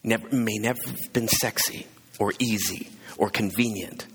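A man's voice: lowish voice, normal speed, a bit bright, slight background noise. A man preaching a sermon and telling a story, acting out the voices of its people and building to fervent emphasis. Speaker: pastor. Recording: long hall reverb.

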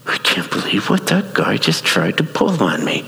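A man's voice: deep voice, huge pitch swings, normal speed, vocal fry, sharp tone, heavily acted. A man voicing a suspicious, indignant duck with a human mind, grumbling to himself. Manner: grumbling, self-righteous. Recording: long hall reverb.

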